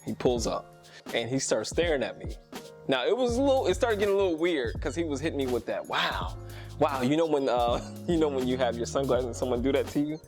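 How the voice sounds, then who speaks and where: Upbeat male vlogger, chatty storyteller who keeps laughing and voicing the people he quotes, mid-pitched, music bed underneath. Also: quick pace. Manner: animated, laughs often, acts out quoted people in a higher voice. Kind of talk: casual storytelling to camera.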